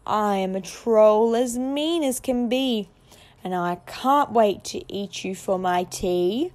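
A woman voicing a mean, hungry male troll in a storybook reading, with a lowered, threatening voice. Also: slow pace, a little mellow, a little hiss or hum, lightly acted. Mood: menacing.

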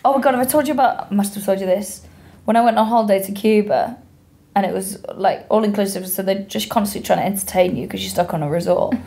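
Sardonic woman podcast co-host, sweary, blunt, mid-pitched. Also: fast talker, creaky, dark tone. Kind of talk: casual comedic chat.

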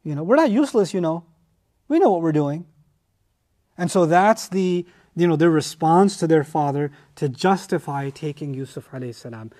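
Animated high-voiced man teaching scripture. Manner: animated and emphatic, with frequent restarts. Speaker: Quran teacher. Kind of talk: lecture on scripture.

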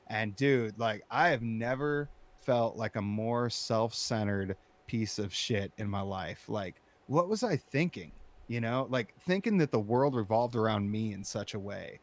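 Brief: casual man, low voice, swears freely, animated storyteller who turns loud. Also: unhurried, hardly any pauses. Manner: animated, profane, rising to shouting when recounting anger. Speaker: storyteller in interview.

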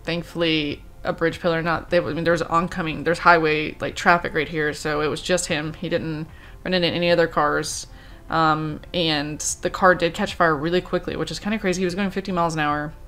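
A grieving woman in her thirties tells a personal story to her vlog audience. Her voice sits a little low, and she talks in halting runs, circling back with fillers and restarts while she quotes what others said. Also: fairly even intonation, a bit bright, faint music behind. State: grieving, subdued. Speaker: vlogger.

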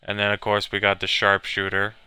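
A man's voice: lowish voice, monotone, brisk, sharp tone, clear, resonant tone, no room sound, soft background music. A man giving casual let's-play commentary, hesitating with many fillers and reading on-screen text aloud. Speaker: gamer playing a video game.

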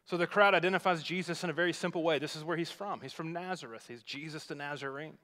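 A man preaches a sermon, walking his listeners through a scripture story in a relaxed, conversational way. His voice sits a little high for a man. The sound carries a long reverb from the large church hall around him. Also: fast. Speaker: pastor.

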